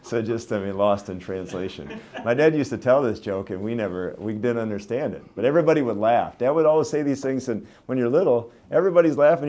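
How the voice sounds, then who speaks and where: A man's voice: mid-range voice, lively intonation, fast talker, hardly any pauses, dark tone. A man, a bishop, giving a casual spoken reflection, chatty and anecdotal, who acts out voices when he tells a joke.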